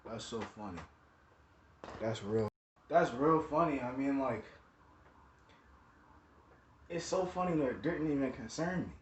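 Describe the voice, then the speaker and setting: A man's voice: mid-range voice, lively intonation, a little slow, long pauses. Young Philly guy telling a story. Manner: slangy, rambling, full of "like" and "you know what I'm saying". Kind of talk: casual storytime. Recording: echoey room, dull lo-fi sound, faint noise.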